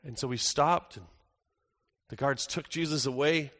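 A man playing the apostle John as an older man in a first-person dramatic monologue, earnest, moving between hushed and urgent. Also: mid-range voice, a little slow, lightly acted. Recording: echoey hall with long reverb.

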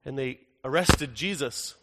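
A man playing the apostle John as an older man in a first-person dramatic monologue, earnest, moving between hushed and urgent. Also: mid-range voice, a little slow, heavy background noise, natural voice. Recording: echoey hall with long reverb.

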